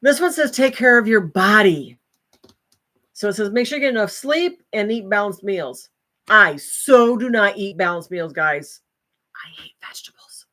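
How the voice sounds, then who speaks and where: A woman's voice: medium pitch, normal speed, pushed and bright. An older woman hosting a livestream, chatting casually with viewers and breaking into folksy exclamations. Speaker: livestream host.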